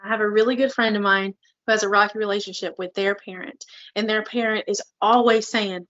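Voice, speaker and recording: A woman co-hosting a casual podcast chat, earnest and quick to laugh. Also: medium pitch, steady tone, a bit bright, dull audio. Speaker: podcast co-host.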